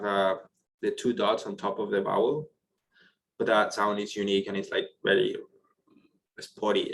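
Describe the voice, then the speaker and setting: A man's voice: lowish voice, vocal fry, rough recording. A man teaching French in an online class, explaining pronunciation step by step and praising students' questions, speaking English with non-native phrasing over a computer mic.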